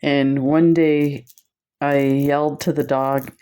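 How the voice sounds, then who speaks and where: A woman's voice: a bass voice, flat delivery, takes it slowly, warm tone, clear, resonant tone. A woman presenting beads on camera in a casual chat, telling stories and laughing often. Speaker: bead shop video presenter.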